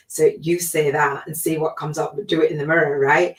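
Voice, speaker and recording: A woman's voice: sits low, level tone, a little fast, hardly any pauses, distant mic. A middle-aged woman hosting a spiritual coaching podcast, talking in a chatty, reflective way with lots of fillers. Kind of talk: casual spoken monologue. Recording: echoey room, voice away from the mic.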